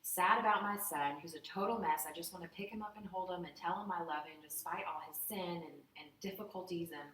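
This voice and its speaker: A woman's voice: on the low side, fairly quick, hardly any pauses, far from the mic. Woman telling a candid, heartfelt story in an echoey room. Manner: candid, heartfelt, animated retelling with acted-out quotes. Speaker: guest telling a personal story. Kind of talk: emotional personal storytelling.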